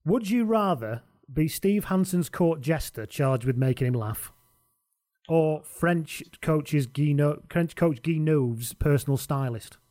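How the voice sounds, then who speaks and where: A man's voice: fairly high pitch, lively intonation, takes it slowly, mellow. A man hosting a casual sports chat, delivering dry, jokey quips. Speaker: podcast host.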